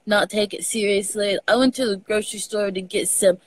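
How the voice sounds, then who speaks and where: A young woman with a Texan accent, chatting as a podcast guest, animated, laughing often and swearing casually. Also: mid-range voice, brisk, no room sound, poor audio. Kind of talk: casual conversation.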